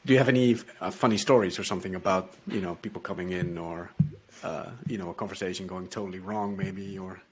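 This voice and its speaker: A man's voice: sits low, fairly even intonation, fast, slightly rough, rough recording. A man interviewing a guest in a casual conversation, asking questions hesitantly with many fillers.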